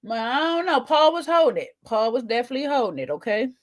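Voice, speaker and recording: A woman's voice: high voice, big pitch swings, quick pace. A woman, co-hosting a casual chat show, talking to viewers while eating, with teasing asides. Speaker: podcast co-host.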